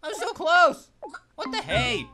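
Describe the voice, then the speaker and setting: A performer voicing an upbeat, goofy male cartoon grape who hosts a let's play with excitable, punning commentary and yelps. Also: high voice, a little slow, background noise. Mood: goofy excited. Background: background game music.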